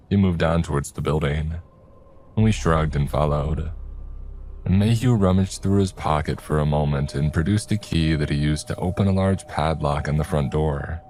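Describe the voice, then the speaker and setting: A man narrating a scripted horror story in a steady, measured way. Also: a bass voice, a little hiss or hum. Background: faint music.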